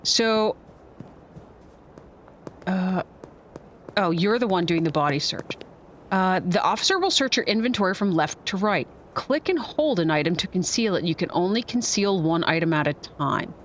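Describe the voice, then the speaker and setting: A woman streamer commentating as she plays a video game, thinking out loud with playful asides. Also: lowish voice, expressive, normal speed, slight background noise. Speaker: gaming streamer. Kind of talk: let's play commentary. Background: game music.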